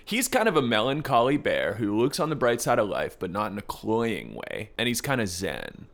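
Animated low-voiced man riffing on a comedy podcast. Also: moderate pace, vocal fry. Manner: animated, mock-serious riffing. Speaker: podcast host. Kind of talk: improvised comedy banter.

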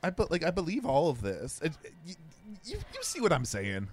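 A man chatting casually about movies, talking fast, self-deprecating, tripping over quick restarts. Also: on the high side, wildly swooping pitch. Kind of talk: casual movie-watching chat.

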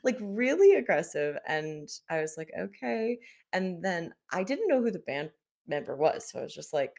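A woman in casual chat, telling an animated story about a bad date and mimicking the man's lines. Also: on the low side, moderate pace.

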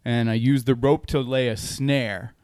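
A man's voice: medium pitch, fairly even intonation, unhurried, darkish tone, clean tone. A man playing a tabletop role-playing game, talking loosely and laughing often as he describes his moves. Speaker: player. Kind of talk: tabletop role-play, casual.

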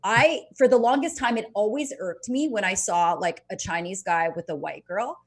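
A woman's voice: mid-range voice, moderate pace. A woman in casual chat, candid and profane, laughing often as she talks.

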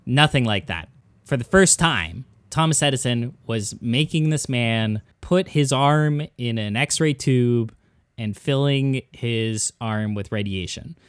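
A man's voice: mid-range voice, takes it slowly, clear, resonant tone, dry recording. A man hosting a comedic history podcast, telling the story in a rambling way with many fillers. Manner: rambling, filler-heavy storytelling, says "exactly" and "correct" a lot. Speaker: podcast host.

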